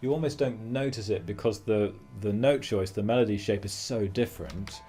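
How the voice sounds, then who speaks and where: A man's voice: on the low side, normal speed, mellow, husky. A man teaching a guitar lesson, explaining phrasing and singing rhythm syllables between his points. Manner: thinking aloud with fillers and restarts. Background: guitar playing.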